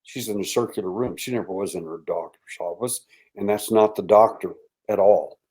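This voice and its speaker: An older man, a guest in an interview, tells a story with animated delivery, acting out quoted voices and dropping to a hushed tone. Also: on the low side, normal speed.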